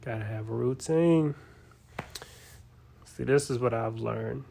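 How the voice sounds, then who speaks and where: A man's voice: mid-range voice, slow pace, gravelly, dark tone, a little hiss or hum. A man in his thirties chatting casually with his partner, laid-back and slangy. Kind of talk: casual chat.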